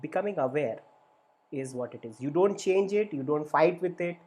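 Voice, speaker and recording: A man's voice: fairly high pitch, lively intonation, normal speed, a little mellow. A middle-aged man, a therapist, gives a spoken teaching session in an earnest, repetitive way, often checking in with "right?" and acting out inner voices in quotes. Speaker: therapist and workshop facilitator.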